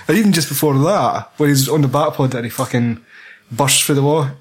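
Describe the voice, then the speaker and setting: A man's voice: mid-range voice, moderate pace. A young Scottish man in casual chat about a film, enthusiastic and swearing constantly.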